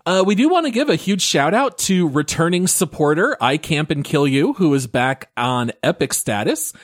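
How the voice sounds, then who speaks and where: A man hosts a gaming podcast in a friendly, laughing way, keeping the show moving. His voice sits a bit high for a man. The sound is dry and close to the mic. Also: big pitch swings, normal speed, no echo. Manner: laughing, upbeat, runs the housekeeping segments. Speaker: podcast host. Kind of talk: casual gaming podcast chat.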